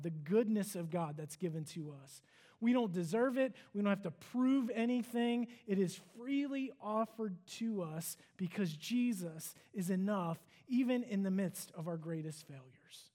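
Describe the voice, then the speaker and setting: A man's voice: sits high, a little mellow. A man giving a sermon, retelling a story in an earnest, conversational way with casual fillers. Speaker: preacher.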